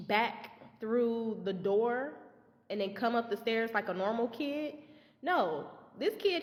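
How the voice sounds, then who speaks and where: Young woman, casual storytime, animated, swears freely, slightly high voice, reverberant room. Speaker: substitute teacher telling a story.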